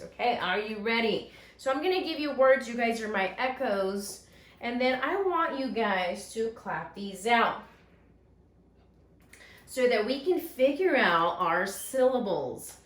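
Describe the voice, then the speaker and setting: A woman teaching a recorded phonics lesson to first graders, stretching out each word slowly and praising the class. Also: on the high side, fairly bright tone. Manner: slow, drawn-out word modeling with encouraging praise. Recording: echoey room sound.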